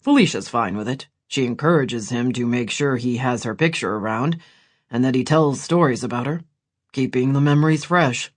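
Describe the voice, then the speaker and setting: A man voicing Gideon, an earnest ex-soldier older brother, in a quiet, measured audiobook reading. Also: mid-range voice, close to an everyday voice. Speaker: audiobook character voice.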